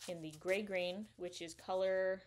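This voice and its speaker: A woman's voice: medium pitch, level tone, a little slow. A woman hosting a knitting podcast, chatting casually and enthusiastically, rambling a bit with fillers as she shows her purchases. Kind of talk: casual show-and-tell chat.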